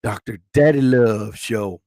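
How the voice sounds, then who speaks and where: A man's voice: fairly low pitch, measured pace, darkish tone, no echo, studio quality, pitched below the performer's own voice. A man putting on a crooning romantic lover voice. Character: smooth-talking romantic male radio lover.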